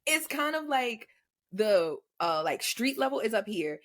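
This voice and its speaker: A young woman with a highish voice that swoops widely, recounting a story with lots of swearing. She acts out the lines people said to her as she chats with a co-host. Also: a little slow. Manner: animated storytelling, heavy swearing, acts out quotes. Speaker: podcast co-host. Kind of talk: casual chat.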